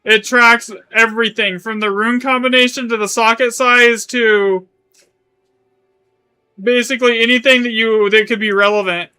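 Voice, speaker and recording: A man's voice: extremely high pitch, fairly even intonation, moderate pace, bright, forceful tone, smooth, soft background music. A man streaming a game live, chatting casually in a rambling way, correcting himself as he goes and swearing now and then. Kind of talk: live gaming stream chat.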